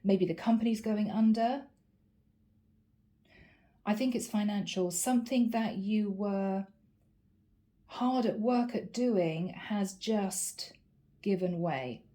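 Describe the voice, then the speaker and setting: A woman's voice: medium pitch, slow pace, long pauses, mellow. A woman giving a channeled tarot reading to her viewers, earnest and encouraging, often repeating her key phrases. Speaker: tarot reader.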